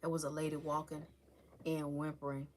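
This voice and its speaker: A woman's voice: low voice, monotone, fairly quick, darkish tone, slight background noise. A woman hosting a casual livestream, chatting with viewers, greeting them by name and talking with feeling. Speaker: livestream host. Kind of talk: casual live-stream chat with viewers.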